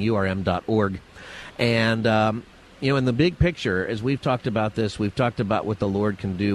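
Upbeat male radio host, low voice. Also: slight background noise, low-quality recording. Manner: affirming, upbeat encouragement. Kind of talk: live radio interview and donation appeal. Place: outdoors at a live charity event.

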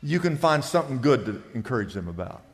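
A man preaching a sermon as pastor, animated, repeating phrases and putting questions to the congregation. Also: mid-range voice, quick pace. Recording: long hall reverb.

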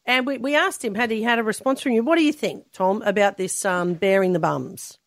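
A woman's voice: medium pitch, brisk, no echo, clean studio sound. A woman co-hosting breakfast radio, bubbly and teasing in her banter. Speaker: radio co-host.

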